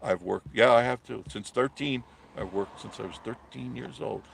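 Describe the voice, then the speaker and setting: A man's voice: mid-range voice, normal speed, vocal fry, background noise. A man hosting a live stream, delivering a blunt, preachy monologue and answering viewer comments.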